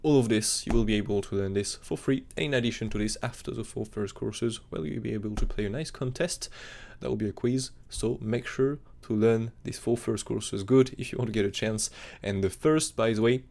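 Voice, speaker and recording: Fast-talking gravelly male crypto streamer. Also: lowish voice, a little mellow. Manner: fast, rambling, non-native phrasing with fillers. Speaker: crypto chart analyst streamer. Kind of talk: live-stream technical analysis chat.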